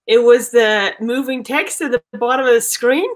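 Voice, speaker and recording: A woman's voice: on the high side, moderate pace, natural voice. A woman doing a drawling Aussie detective. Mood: quizzical. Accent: put-on Australian. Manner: drawling, quizzing with wild guesses. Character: brash female Australian detective. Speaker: improv performer. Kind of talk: improvised comedy scene.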